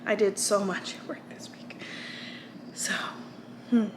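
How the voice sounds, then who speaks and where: A woman's voice: mid-range voice, fairly even intonation, slow, whispered. A young American woman vlogging, chatting casually and tired from little sleep, rambling with fillers and restarts. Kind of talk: casual chat.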